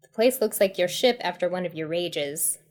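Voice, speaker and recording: A woman's voice: lowish voice, expressive, moderate pace. A woman hosting and reading a choose-your-path horror comedy tale aloud, who often breaks into giggles as she reads. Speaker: storyteller host.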